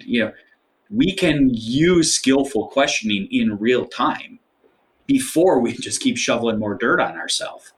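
A middle-aged man speaks as an interview guest. He explains his ideas in a thoughtful, measured way, with frequent fillers and restarts. His pitch sits in the middle range. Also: lively intonation. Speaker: guest author. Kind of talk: interview conversation.

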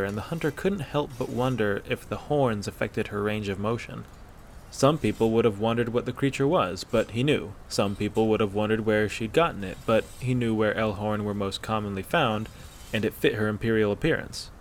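A man narrating a fan-fiction story aloud in a steady, measured way. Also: on the low side, a little hiss or hum.

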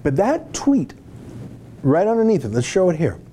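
Mocking man with a lively, swooping voice. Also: sits high, moderate pace, slight background noise. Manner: mocking, indignant, rhetorical questions. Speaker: political commentator. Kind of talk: sarcastic political commentary.

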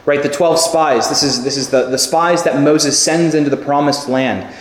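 A man preaching a sermon, telling stories with lively acted-out quotes. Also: on the high side, moderate pace. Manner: animated storytelling with acted quotes. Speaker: pastor. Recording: echoey hall with long reverb.

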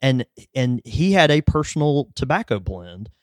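A man's voice: medium pitch, big pitch swings, normal speed, no room sound, clean studio sound. A man co-hosting a podcast, explaining at length in casual chat, with lots of fillers and hedges. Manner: rambling, hedging with fillers. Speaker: podcast co-host.

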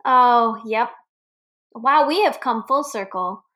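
A woman's voice: a little high, slow, sharp tone. A woman co-hosting a casual movie chat, blunt, laughing often and swearing freely. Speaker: podcast co-host.

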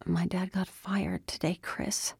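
A woman voicing a stubborn, desperate teenage girl who argues insistently and sometimes breaks into yelling. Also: mid-range voice, normal speed, dry recording, clean studio sound, lightly acted. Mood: subdued. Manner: insistent, argumentative, rising to yells.

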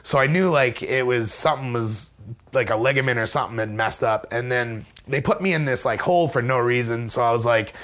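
A man's voice: medium pitch, a little fast, fairly bright tone. A man guest in an interview, telling a story in a rambling, self-mocking way with many restarts. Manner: acts out other people's lines in a raised voice. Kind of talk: casual conversational storytelling.

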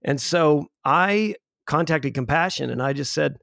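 A man in his forties, telling a personal story as an interview guest in an earnest, halting way with restarts. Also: a little high, creaky, fairly bright tone, no echo, studio quality. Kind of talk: conversational storytelling.

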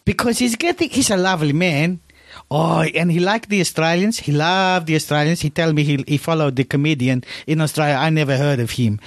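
A man's voice: on the high side, a little fast, dry recording, studio quality. A man co-hosting a comedic chat, talking playfully in broken English phrasing. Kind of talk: comedic banter.

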